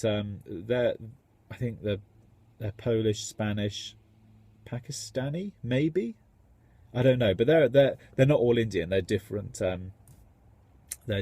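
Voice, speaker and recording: A man's voice: medium pitch, darkish tone, no room sound. A man, a tradesman, rambling enthusiastically in a casual vlog. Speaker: tradesman contractor.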